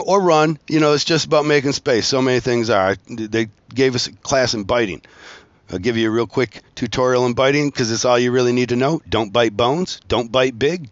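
A man's voice: medium pitch, a bit bright, dry recording, muffled recording. A man hosting his own show, telling a rambling, profane story with frequent laughs. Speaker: podcast host, tattoo artist. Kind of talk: casual storytelling monologue.

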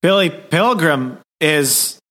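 A man's voice: a little high, expressive, takes it slowly, sharp tone. A man co-hosting a comic-book podcast who makes short, bemused remarks. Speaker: podcast co-host.

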